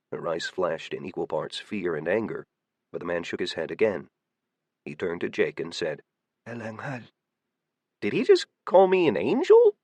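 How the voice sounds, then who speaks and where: A man giving steady, measured audiobook narration. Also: low voice, breathy edge, dry recording.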